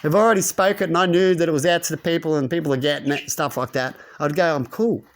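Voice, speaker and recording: With fairly high pitch and fairly even intonation, a man talks at a quick pace over slight background noise. He's a channel host ranting to camera in a rambling monologue, forever punctuating his points with a rhetorical "right?".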